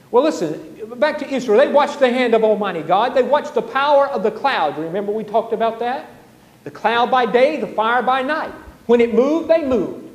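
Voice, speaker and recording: A man preaching a sermon as pastor, animated, acting out the grumbling crowds. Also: very high voice, echoey room, in a large hall, low-quality recording. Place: church sanctuary.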